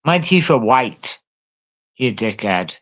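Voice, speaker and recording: A man's voice: mid-range voice, very animated, slow, fairly bright tone. A man, talking casually and swearing a lot as he answers a live stream chat. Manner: brash, sweary, talks back to chat. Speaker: livestreamer.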